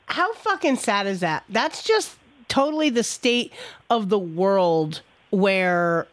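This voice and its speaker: A woman's voice: mid-range voice, animated, dry recording. A woman hosting a call-in show, talking in a blunt, profane way. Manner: blunt, profane, quick to agree. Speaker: radio show host.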